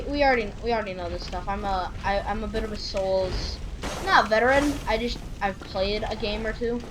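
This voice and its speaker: A woman's voice: a little high, noisy background. A woman from Michigan hosting a casual let's-play, rambling and joking as she plays. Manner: rambling, joking, laughs often. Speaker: gaming channel host.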